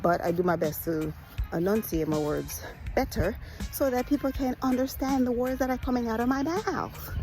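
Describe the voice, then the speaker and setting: A woman from Jamaica vlogging casually on a beach at sunrise, talking fast and chatty with laughs, recorded on a phone at arm's length. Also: on the low side, darkish tone, poor audio. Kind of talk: casual walking vlog.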